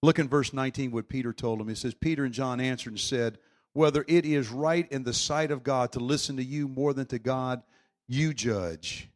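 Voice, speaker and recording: A man preaching a sermon with fervent energy, swinging from shouts to quiet storytelling. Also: medium pitch, normal speed.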